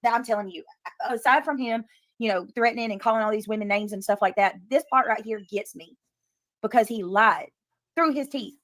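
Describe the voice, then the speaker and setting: A woman's voice: a little high, fairly quick, fairly bright tone, no room sound. A woman hosting a casual livestream, talking earnestly to her chat and repeating her points for emphasis. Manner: talks to chat while reading comments. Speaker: livestream host. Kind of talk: casual live commentary.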